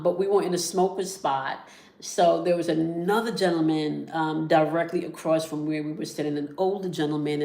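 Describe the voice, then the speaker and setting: Give me a low-voiced woman telling a story in an echoey room. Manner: conversational, checks in with "okay?" and "right?"; drops to soft whispers at emotional moments. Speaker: spiritual reader sharing a story. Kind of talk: casual storytelling to viewers.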